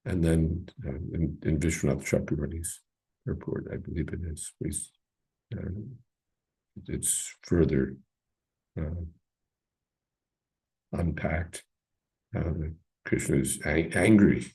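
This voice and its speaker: A man giving an informal, halting commentary on scripture to a class, with many pauses and fillers. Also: a bass voice, fairly even intonation, gravelly, warm tone, slightly rough. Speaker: teacher leading a scripture class.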